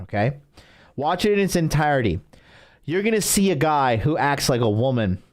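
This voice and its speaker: A man hosting his own stream as a dating coach, ranting in a profane, boastful, rambling way. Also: medium pitch. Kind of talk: ranting livestream monologue.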